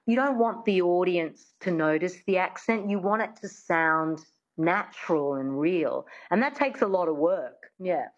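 A woman's voice: lowish voice, lively intonation, measured pace. A woman, a dialect coach who patiently demonstrates sounds and has the listener repeat them in an interview. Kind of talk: interview guest teaching an accent. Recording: dull, muffled sound.

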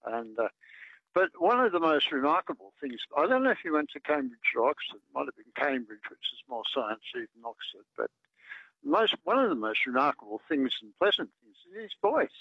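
A man's voice: a little high, very animated, fairly quick, breathy edge, dry recording. A man calling in to a radio show, talking in a hesitant, rambling way. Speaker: caller. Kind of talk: phone-in chat. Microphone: telephone. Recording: dull phone line.

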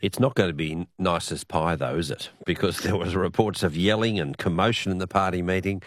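A hoarse man hosting an evening radio news program, talking with frequent restarts. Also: low-pitched, slight background noise. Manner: halting, many restarts.

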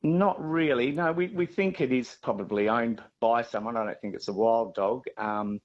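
A man with an Australian accent, a farmer being interviewed, talking haltingly with many fillers and restarts. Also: mid-range voice, dull audio.

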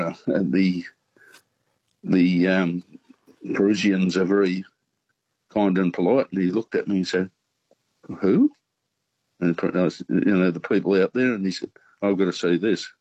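A man calling a radio show, telling a rambling story with many halting fillers. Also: low voice, darkish tone, dry recording, lo-fi sound. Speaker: radio caller. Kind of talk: phone-in anecdote.

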